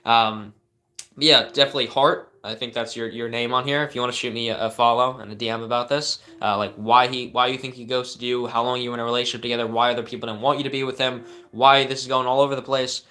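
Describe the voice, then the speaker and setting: A man's voice: mid-range voice, level tone, quick pace, pushed and bright. A young man hosting a live stream, answering viewer questions with earnest coaching advice and frequent fillers and restarts.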